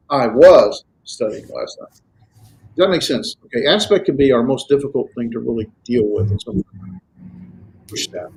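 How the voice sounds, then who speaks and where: A man's voice: mid-range voice, darkish tone. A man teaching a class on verbs in a conversational lecture style, often checking that students follow and dropping dry sarcastic asides. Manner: conversational, checks understanding with "right?". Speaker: Greek grammar teacher.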